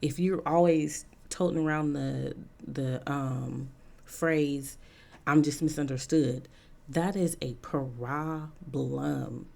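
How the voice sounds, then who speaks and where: A woman's voice: low-pitched, steady tone, takes it slowly, gravelly, dark tone. A woman giving a casual opinion monologue as a vlogger, frank and chatty with many "um" fillers and repeated points for emphasis.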